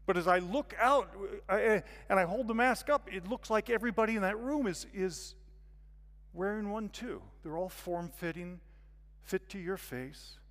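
A high-voiced man tells a sermon as a vivid story, jumping from quiet asides to shouted excitement. His voice carries a long reverb from a large hall. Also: normal speed. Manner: animated, acts out scenes with sudden loud bursts. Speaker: guest speaker.

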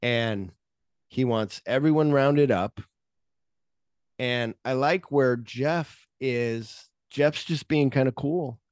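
A man's voice: medium pitch, takes it slowly, darkish tone, smooth, dry recording, clean studio sound. A man hosting a podcast, casually retelling film scenes in a rambling way, full of "like". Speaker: podcast host.

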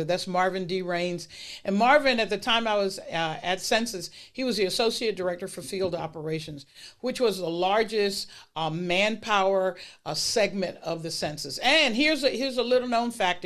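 A middle-aged woman telling personal stories about her career mentors in a lively, emphatic way. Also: mid-range voice. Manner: emphatic, lively retelling with acted-out dialogue. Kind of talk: personal storytelling talk.

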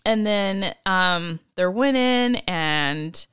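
A woman's voice: mid-range voice, expressive, drawn-out words, fairly bright tone, smooth, dry recording, studio quality. A woman co-hosting a casual chat, gushing and giddy as she recaps a favorite movie scene. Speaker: podcast co-host.

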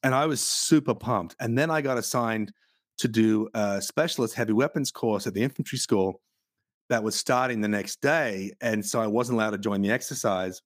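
A man's voice: fairly low pitch, moderate pace, dry recording, clean studio sound. A man hosting a podcast, telling vivid anecdotes in casual chat with some swearing. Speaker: podcast host.

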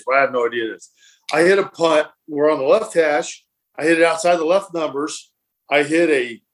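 A man, a former professional football punter, telling animated stories in casual conversation and acting out the quotes. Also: fairly high pitch. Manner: animated, acts out quotes and laughs. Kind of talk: casual storytelling.

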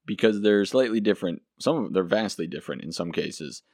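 A man's voice: low-pitched, animated, a little fast, a little mellow, no echo, studio quality. A man hosting a casual solo history podcast, chatty and enthusiastic, with some self-deprecating asides. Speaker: podcast host.

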